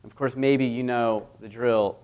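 Conversational preacher, storytelling sermon. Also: male voice, medium pitch, unhurried, clear, resonant tone. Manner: storytelling, conversational, with lively dramatic swings. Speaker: visiting preacher.

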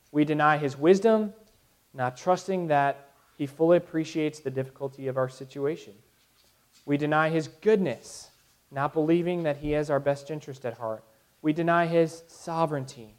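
A man in his thirties preaching a sermon to his congregation, earnest, with frequent restarts. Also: on the high side. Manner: earnest, with restarts and soft laughs. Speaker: pastor.

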